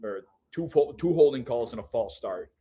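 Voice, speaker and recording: A man's voice: medium pitch, lively intonation, moderate pace, dark tone, muffled recording, a little hiss or hum. Exasperated man reacting to a game. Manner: exasperated, groaning fan reactions. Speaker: livestream host watching a football game. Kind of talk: live sports reaction.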